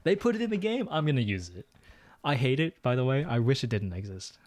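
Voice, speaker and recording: A man talks through a geography guessing game at his own pace, half muttering his guesses. He is quick to knock his own play. His voice sits mid-range and sounds dry and close, with no room around it. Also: medium pitch, sing-song, no room sound. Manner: thinks aloud, mutters guesses, self-deprecating. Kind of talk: casual gameplay commentary.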